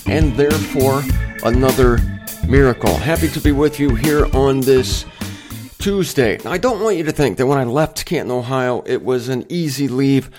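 Over music, a man with a mid-range voice speaks at a moderate pace while hosting a Bible teaching show. His casual monologue is chatty and digressive, laced with self-deprecating humor and emphatic points.

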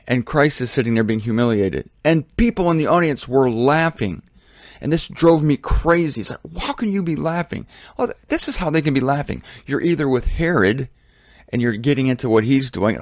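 Animated man telling a Bible story. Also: medium pitch, normal speed, no room sound, studio quality. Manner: animated storytelling, mocking asides. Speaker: Bible teacher. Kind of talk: casual sermon.

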